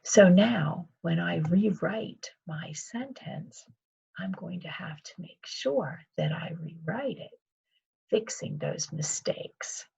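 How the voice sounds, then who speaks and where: A woman kindergarten teacher leads a recorded video lesson, speaking slowly and patiently in a sing-song way. Her voice is husky and gravelly, with a lot of fry. The sound is dull and lo-fi. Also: fairly low pitch, expressive, dark tone. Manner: slow, patient, sing-song teacher talk, calls herself by her surname. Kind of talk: remote video lesson for young children.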